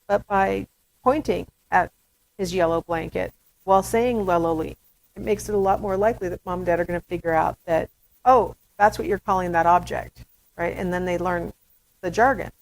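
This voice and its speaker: A woman's voice: lowish voice, fairly even intonation, fairly quick, vocal fry, low-quality recording. Chatty woman lecturer with playful asides. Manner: acts out baby talk in demonstrations. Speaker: university lecturer. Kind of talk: recorded lecture.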